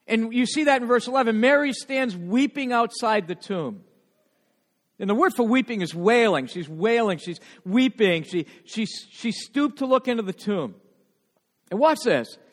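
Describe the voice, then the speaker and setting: A middle-aged male pastor preaching a sermon, swinging from loud, emphatic passages to hushed ones and repeating words when moved. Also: extremely high pitch, lively intonation, normal speed. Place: church sanctuary. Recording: long reverb of a large hall.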